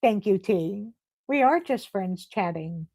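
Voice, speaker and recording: A woman's voice: medium pitch, lively intonation, slow pace, warm tone, no room sound. A woman hosting a casual livestream, chatty and effusive as she reads viewer comments aloud. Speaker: livestream host.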